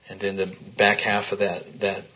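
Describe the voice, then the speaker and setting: A man's voice: deep voice, monotone, normal speed, breathy edge. A man leading a Bible study, reading scripture aloud and putting questions to a small group in the room. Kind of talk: interactive Bible teaching. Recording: dull lo-fi recording.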